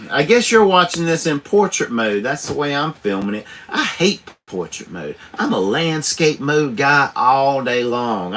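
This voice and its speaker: Slow-talking trucker man. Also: medium pitch, fairly bright tone, slight background noise. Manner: rambling, swears freely, chuckles often. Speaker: truck driver livestreamer. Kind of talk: casual live-stream chat. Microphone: tablet camera.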